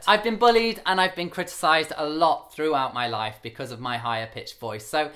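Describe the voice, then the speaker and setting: A young man talks candidly to camera, his higher-pitched voice carrying a light camp rasp. He speaks earnestly, holding his voice a bit lower than his relaxed register. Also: moderate pace, hardly any pauses. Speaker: vlogger. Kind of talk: talking to camera.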